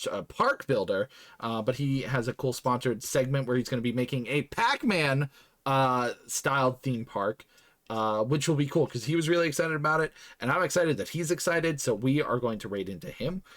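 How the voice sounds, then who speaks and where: A man with a mid-range, fairly bright voice hosts a podcast stream, chatting casually and goofing around as he signs off. His rambling farewell is jokey and goofy, the kind of loose talk that happens during a live stream.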